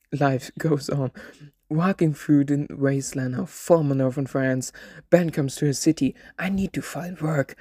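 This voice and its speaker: Deadpan man narrating an absurd story. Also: mid-range voice, dry recording, studio quality.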